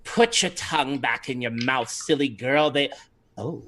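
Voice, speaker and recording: A woman's voice: extremely low pitch, unhurried, a bit bright, exaggerated voice. Give me a man playing a huffy old village woman, prim and scolding. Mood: prim, flustered. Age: older.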